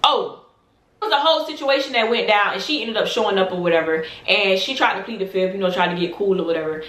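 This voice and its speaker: A woman in her twenties telling a storytime tale to her vlog audience, animated and emphatic, full of slang. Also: medium pitch, fast, echoey room. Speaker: vlogger.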